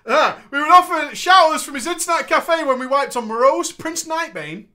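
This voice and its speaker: A man's voice: extremely high pitch, moderate pace. A man co-hosting a casual podcast, reading a gaming story aloud with playful banter and frequent laughter. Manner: laughs often, playful, expressive.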